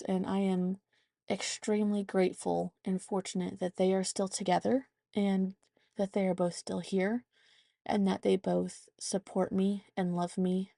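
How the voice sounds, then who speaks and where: A woman's voice: medium pitch, vocal fry, dark tone, dry recording, studio quality. A woman in her thirties hosting a podcast, telling a family story in a chatty, rambling way, thinking aloud as she goes. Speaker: podcast host. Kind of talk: casual storytelling monologue.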